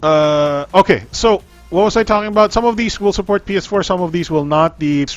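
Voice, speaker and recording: A man's voice: high-pitched, fairly quick, lo-fi sound, soft background music. A man hosting a casual tech livestream, rambling with frequent ums, restarts and trailing-off sentences.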